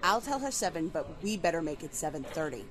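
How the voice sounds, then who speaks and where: A woman's voice: low-pitched, big pitch swings, fairly quick, very noisy. A woman voicing a sarcastic, theatrical young friend.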